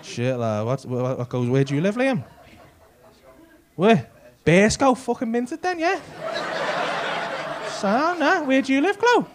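A man's voice: high-pitched, big pitch swings, a little slow, long pauses. A man doing stand-up crowd work, teasing and swearing as he chats with people in the audience. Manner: teasing, laughing, sweary banter. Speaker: stand-up comedian. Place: comedy club stage. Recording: noisy live club recording.

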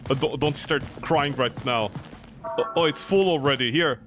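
A man streaming a horror game, excitable and joking as he yelps at what happens on screen. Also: on the high side, moderate pace. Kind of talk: let's play commentary. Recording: game music playing behind voice.

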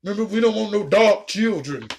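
A woman ranting casually and profanely while reacting to a show, with a raspy, gravelly voice. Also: mid-range voice, lively intonation, brisk, a little mellow, a little hiss or hum. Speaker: video reactor.

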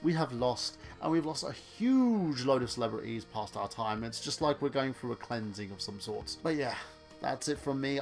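An English man vlogging, talking earnestly and rambling with many restarts. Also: a little high. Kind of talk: casual opinion vlog.

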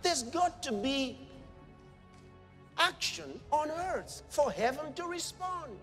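A man's voice: extremely high pitch, animated, takes it slowly, fairly bright tone, in a large hall, faint music behind. A man preaching a sermon, impassioned and acting out the voices he quotes.

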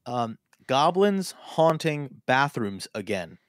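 Man, improv comedy co-host, hesitant, fillers, middle pitch, dry close sound. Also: big pitch swings, slow pace, dry recording. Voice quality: hesitant, full of fillers and restarts.

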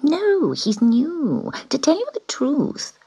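A woman voicing a haughty female show cat in a storybook reading, speaking in a sneering, drawn-out, scornful way. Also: high-pitched, wildly swooping pitch, dark tone, voice pushed up, full character voice. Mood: gossiping.

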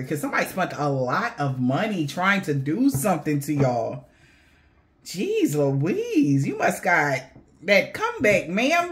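A woman giving a casual tarot reading to her viewers, animated and slangy, swearing and laughing often. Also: mid-range voice. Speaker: tarot reader.

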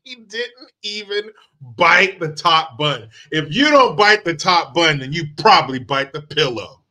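A man hosting his channel delivers profane, sarcastic commentary mocking a video clip. His voice is on the high side and sharp, animated yet unhurried.

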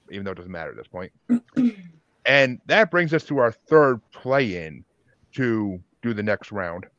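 Brash podcast host on a dull call mic. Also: male voice, fairly low pitch, a bit bright. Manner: brash, teasing, crude jokes. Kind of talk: casual group chat, running a bracket vote.

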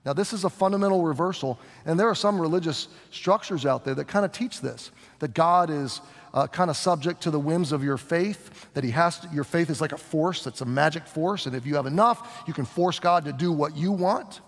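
A man teaching scripture verse by verse as a pastor, talking in an animated way and acting out the voices of the people and Jesus. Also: brisk. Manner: animated, voices the crowd and Jesus with shifting pitch. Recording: long hall reverb.

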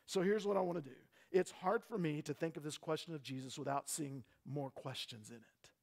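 A man's voice: a little high, fairly quick, vocal fry, a little mellow. A man preaching a sermon as pastor, earnest, with frequent repeated words and rhetorical questions.

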